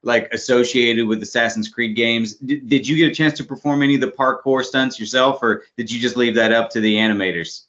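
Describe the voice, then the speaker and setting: A man's voice: mid-range voice, steady tone, brisk, hardly any pauses, a bit bright, dull audio. A man hosting an interview, asking long, winding questions in a friendly way. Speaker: interviewer host. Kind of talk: casual interview.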